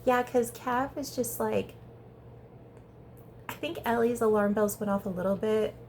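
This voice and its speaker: A woman giving a casual, chatty recap of a reality show episode, talking fast and peppering her speech with "like". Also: on the high side, a little hiss or hum. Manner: chatty, animated, heavy use of "like". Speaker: reality TV reviewer.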